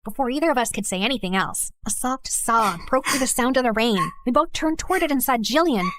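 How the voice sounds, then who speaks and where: A young woman narrates her own story in the first person as its lead character, dramatic and sassy, leaping between asides and exclamations. Her voice is a little high, animated, and brisk, with background noise behind it.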